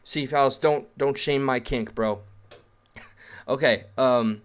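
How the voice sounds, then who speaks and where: Male streamer, mid-pitched voice, reads aloud then riffs sarcastically, casual and rambling. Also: slow pace, clean tone. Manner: sarcastic, rambling asides while reading aloud. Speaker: streamer reading and reacting to an article. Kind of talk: casual reaction rant.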